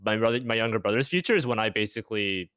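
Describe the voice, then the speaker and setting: A young man speaking as an interview guest in casual chat, reflective and halting, leaning heavily on "like.". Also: fairly low pitch, lively intonation, fairly bright tone, clear, resonant tone, no room sound. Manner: reflective, halting, heavy use of "like".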